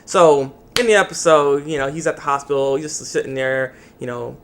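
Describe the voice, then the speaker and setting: A young man with a slightly high, somewhat bright voice talks a little fast over a faint hiss or hum. As an anime reviewer, he recaps an episode for his video channel, rambling through the story with plenty of fillers.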